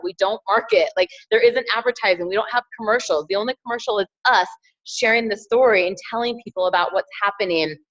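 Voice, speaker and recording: A woman's voice: mid-range voice, a bit bright, dull audio. A woman giving an upbeat motivational training talk as a team trainer, encouraging her listeners and repeating key phrases.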